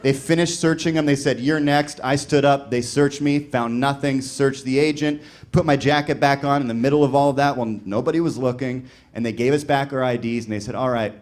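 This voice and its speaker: A man's voice: medium pitch, steady tone, brisk. A man doing stand-up comedy, telling a long story in a loose, conversational way full of "like" and acted-out quotes, with audience laughter behind him. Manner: conversational, rambling with lots of "like", voices other people in quotes. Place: comedy venue with a live audience.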